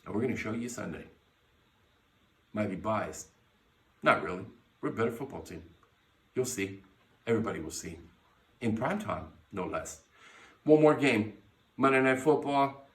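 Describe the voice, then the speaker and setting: A man's voice: on the low side, lively intonation, moderate pace, pauses often, fairly bright tone. A man hosting a podcast, giving brash, profane sports picks in casual talk and hyping his teams. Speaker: podcast host. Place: bar lounge. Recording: echoey room, mic at a distance.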